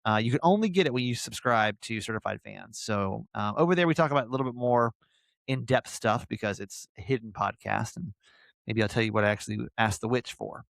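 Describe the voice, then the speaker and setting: Gravelly-voiced male podcast host. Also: medium pitch, brisk, fairly bright tone, no room sound, clean studio sound. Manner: rambling, self-mocking, frequent fillers and restarts. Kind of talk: casual podcast chat.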